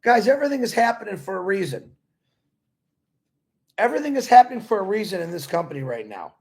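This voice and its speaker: A man's voice: sits high, very animated, fast talker, creaky, darkish tone. A man giving a casual motivational talk to company members. He is earnest and rambling and repeats his points. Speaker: company supporter talking to members.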